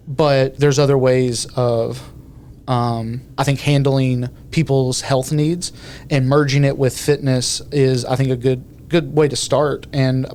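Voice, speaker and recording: A man's voice: medium pitch, darkish tone, slight background noise. A man, co-hosting a podcast in casual, rambling talk full of fillers. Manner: rambling, loose sentences with many fillers. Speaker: podcast co-host.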